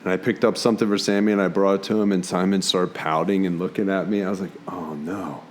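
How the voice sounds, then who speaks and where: A man from the Philadelphia area, a podcast guest telling stories in casual conversation and jumping into high voices when quoting himself. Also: flat delivery, fast, slight background noise. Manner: warm storyteller, jumps into high quoted voices.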